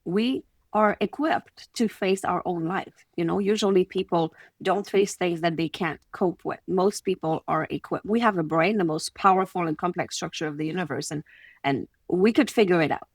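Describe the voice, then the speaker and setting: Quebec French-accented woman, podcast guest coach, lowish voice, close and dry, animated storyteller. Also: normal speed, no room sound. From Quebec City, Canada. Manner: animated, acts out little scenes in quoted voices. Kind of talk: conversational podcast interview.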